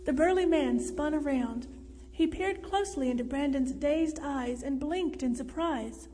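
A woman narrating a story in a measured, expressive reading. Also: high-pitched. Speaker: audiobook narrator. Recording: reverberant room.

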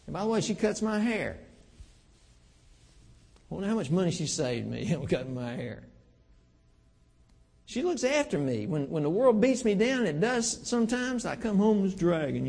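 A man in his fifties preaching a sermon in a church, folksy and earnest, slowing down for emphasis. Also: high-pitched, creaky, a little mellow, slightly rough. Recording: long hall reverb.

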